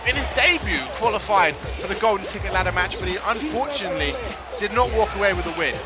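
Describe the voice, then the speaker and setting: A man with a high-set voice calls a wrestling match live, excitable and joking, sometimes breaking into loud drawn-out introductions. Music runs clearly underneath him. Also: poor audio. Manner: excitable, jokey, bursts into shouted ring introductions. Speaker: wrestling commentator. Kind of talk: live play-by-play commentary.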